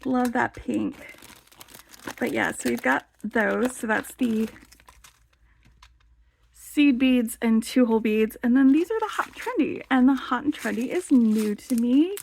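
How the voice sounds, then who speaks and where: Chatty woman with a gravelly edge. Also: on the high side, a little slow, darkish tone, slight background noise. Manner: chatty and enthusiastic, with many "like" fillers. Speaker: beading channel host. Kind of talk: casual show-and-tell vlog.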